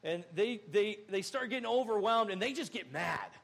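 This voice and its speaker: A young man preaching in a church, with a high voice that has a gravelly edge. He is animated, acting out little scenes and jumping to loud outbursts. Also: moderate pace. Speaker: pastor. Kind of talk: sermon.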